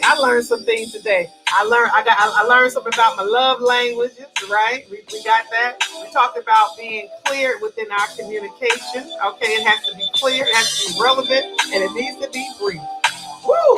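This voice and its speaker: A woman's voice: fairly high pitch, rough recording. A woman from New Jersey hosting a casual live talk show over a video call, chatty and encouraging with frequent affirmations.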